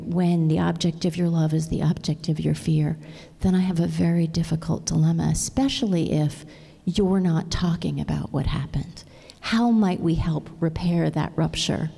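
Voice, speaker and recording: A middle-aged woman gives an earnest plenary talk, checking in with her audience as she goes. Her voice is low, dark and gravelly. It rings with the long reverb of a large conference hall. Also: fairly even intonation, moderate pace. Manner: earnest, engaging, asks the audience "right?". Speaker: conference speaker.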